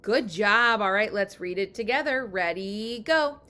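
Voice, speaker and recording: A woman teaching young children to read, giving slow and encouraging guidance. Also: mid-range voice, expressive, fairly bright tone, smooth. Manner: slow, encouraging, with drawn-out words. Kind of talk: guided reading lesson for young children.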